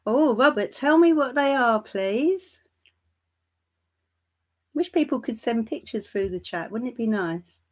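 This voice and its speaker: A woman hosting a tarot live stream, chatting warmly and calling viewers darling and my love. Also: a little high, expressive, measured pace, long pauses. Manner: laughs lightly between remarks. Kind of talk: casual livestream chat greeting viewers.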